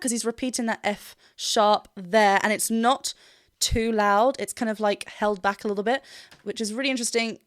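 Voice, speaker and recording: A woman's voice: fairly high pitch, normal speed, fairly bright tone, no echo, studio quality, soft background music. A woman vocal coach giving an enthusiastic analysis in a reaction video, often laughing and breaking into short sung demonstrations. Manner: laughs often while explaining.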